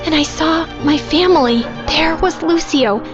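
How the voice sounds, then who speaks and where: A woman's voice: high-pitched, a little slow. A woman voicing a sad young match-selling girl. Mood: sorrowful. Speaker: first-person narrator of an animated story. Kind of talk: storybook narration. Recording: dull lo-fi audio under loud music.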